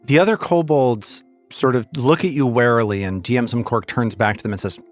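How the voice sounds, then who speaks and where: A man's voice: medium pitch, normal speed, faint music behind. A man running a tabletop game as game master, narrating scenes with frequent restarts and repeated words.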